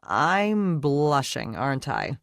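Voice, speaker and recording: A friendly woman shop owner speaks briskly, easily embarrassed yet firm as a reader puts her on. The sound is close and dry, with no echo. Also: extremely low pitch, very animated, vocal fry, full character voice. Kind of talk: audiobook character dialogue.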